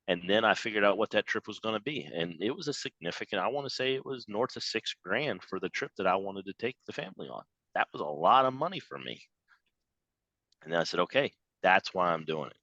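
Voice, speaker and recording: A man giving a motivational sales training talk over a video call, emphatic and animated, acting out quoted voices. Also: lowish voice, no echo, lo-fi sound. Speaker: business trainer.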